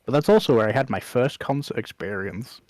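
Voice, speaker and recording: A man's voice: medium pitch, fairly quick, a little mellow, dry recording. A young man with an English accent, a podcast guest telling stories in a laid-back, laughing way. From England. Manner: laid-back storyteller, laughs often, lots of "like". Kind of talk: casual chat.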